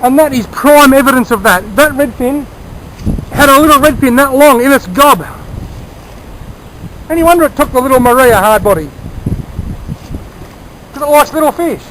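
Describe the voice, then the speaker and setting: A man with a strikingly high voice, talking casually and eagerly as he fishes outdoors by a creek. He explains his tackle and gives tips in a chatty, friendly way. A faint background hiss runs under his voice. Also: moderate pace, pauses often, fairly bright tone, poor audio. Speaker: fishing vlogger.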